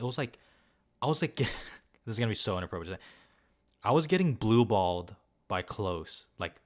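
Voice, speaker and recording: A young man reviewing films in a casual, rambling way, peppered with filler words and swearing while he answers viewers. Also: lowish voice. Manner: rambling and loose, heavy use of filler words, swears freely. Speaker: film vlogger.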